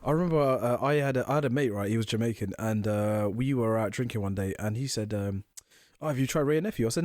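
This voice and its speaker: A man talks quickly in a loose, chatty podcast style, acting out the voices of his mates as he tells a story. His voice sits at an ordinary pitch, and the recording is close and dry, with no room sound. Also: dry recording. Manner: fast, animated anecdotes with acted-out quotes. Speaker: podcast co-host. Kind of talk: casual chat, storytelling.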